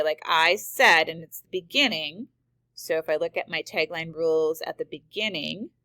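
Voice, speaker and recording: A woman's voice: low voice, bright, forceful tone, no room sound. A woman teacher explaining punctuation rules step by step, reading example sentences aloud. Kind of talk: screen-recorded grammar lesson.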